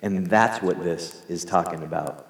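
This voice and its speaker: A man's voice: low-pitched, a little slow. A man preaching a sermon to his congregation in a conversational, earnest way, leading them in prayer. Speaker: pastor. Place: church hall. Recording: echoey hall reverb.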